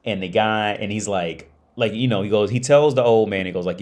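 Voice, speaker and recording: Deep-voiced man telling a story on stream. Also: brisk, hardly any pauses, darkish tone. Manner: profane, rambling, many restarts. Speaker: livestream host. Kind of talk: casual storytelling.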